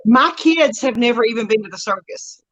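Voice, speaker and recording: A woman, a mother, telling a story in a chatty, lively way. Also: a little high, a little fast, dry recording, lo-fi sound. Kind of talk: casual chat.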